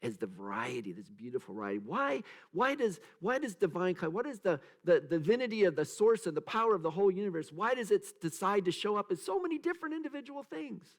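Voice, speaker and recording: A male pastor delivers a sermon in a high voice at a quick pace with hardly any pauses. He searches for words, with many restarts and trailing asides, acts out quotes in a raised, animated voice, and leads the congregation in repeating phrases.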